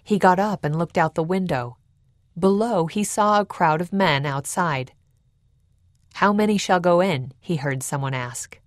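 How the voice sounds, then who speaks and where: Measured woman narrating history. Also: low-pitched, no room sound, clean studio sound. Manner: measured, even storytelling.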